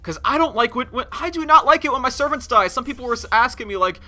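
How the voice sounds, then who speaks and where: Excitable man with bright, lively voice. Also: brisk, hardly any pauses, soft background music. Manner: excitable, laughing, swings from loud outbursts to low mutters. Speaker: game streamer. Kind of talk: excited gameplay commentary.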